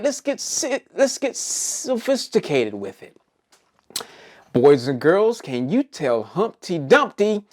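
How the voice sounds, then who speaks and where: A woman's voice: a bass voice, darkish tone. A woman leading a preschool circle-time lesson, coaxing the children with questions in a sing-song way.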